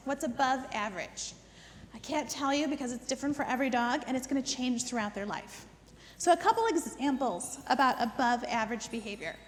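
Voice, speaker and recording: Very high-voiced woman dog trainer. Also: a bit bright, big-room sound, a little hiss or hum. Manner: instructive, repeats words for emphasis, checks in with "okay?". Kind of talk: group class instruction. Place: indoor dog training facility.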